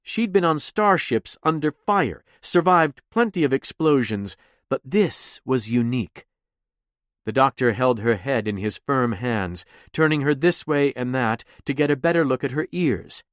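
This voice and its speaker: A man narrating a science-fiction audiobook in a measured, deliberate voice. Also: mid-range voice, animated, no echo, studio quality. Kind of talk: scripted narration.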